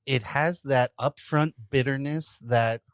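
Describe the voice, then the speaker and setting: A man's voice: medium pitch, slow, clear, resonant tone, no room sound. A man co-hosting a podcast in casual chat, dry and descriptive as he tastes a beer. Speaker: podcast co-host.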